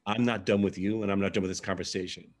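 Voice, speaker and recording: A man's voice: low-pitched, steady tone, fast talker. A man voicing an easygoing young soldier buddy. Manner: easygoing and persuasive. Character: friendly confident young male soldier.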